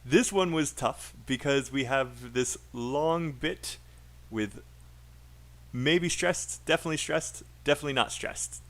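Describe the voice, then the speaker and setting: A man with a British accent leads a livestreamed pronunciation lesson, chatty and encouraging. He says sentences out loud, breaks them into short pieces and repeats each one so learners can follow the stress and rhythm. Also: mid-range voice. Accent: British English. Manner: drills phrases by repeating them slowly for learners. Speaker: English speaking teacher.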